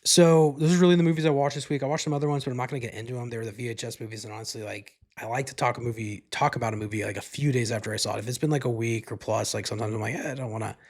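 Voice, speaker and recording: A man's voice: mid-range voice, fairly even intonation, racing, few pauses, darkish tone. A man hosting a solo podcast, rambling casually through a movie recap and swearing freely. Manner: laid-back, rambling, leans heavily on "like" and swears freely. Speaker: podcast host.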